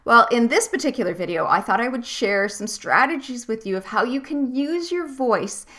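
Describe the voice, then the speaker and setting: An online course coach, a woman, delivers tips directly to the camera in a clear, upbeat, teacherly style. Her fairly high, expressive voice slows down and swells or softens to emphasize points.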